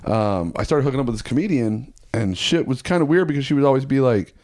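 A young male comedian at an ordinary middle pitch, chatting casually. He tells stories with energy and jumps into the voices of the people he quotes. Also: fast. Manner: animated storyteller acting out quotes. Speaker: comedian guest. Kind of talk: casual storytelling chat.

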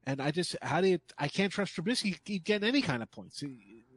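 A man's voice: a little high, sing-song, fast, husky, dry recording. A man giving sports betting picks as a guest handicapper, speaking bluntly and emphatically with scorn.

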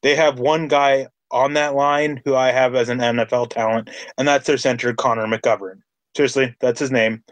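On a casual sports podcast, a male host with a medium-pitched voice talks enthusiastically at a moderate pace, piling up repeated phrases as his excitement builds. The recording is dry and close.

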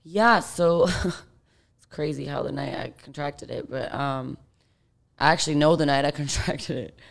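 A woman's voice: low voice, a little slow, gravelly. A young adult woman, an interview guest, telling a story in a candid, profane way that is packed with "like". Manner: candid, profane, heavy use of filler "like". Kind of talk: casual storytelling.

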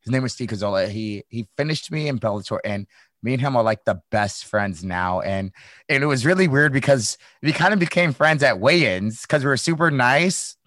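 A man's voice: medium pitch, lively intonation, moderate pace, fairly bright tone, dry recording. A young man from the Midwest, a former fighter hosting a casual chat, rambling through stories with swearing and laughter. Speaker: podcast host, former fighter.

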